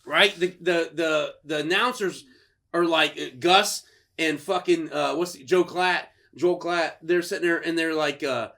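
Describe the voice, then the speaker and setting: A man co-hosting a podcast in casual chat, telling a story with lots of swearing and loud acted-out quotes. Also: fairly high pitch, a little slow, gravelly. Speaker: podcast co-host.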